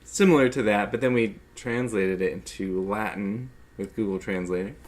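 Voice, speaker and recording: A man's voice: on the low side, normal speed. A man co-directing a film, talking through a casual director's commentary, rambling with many fillers and restarts.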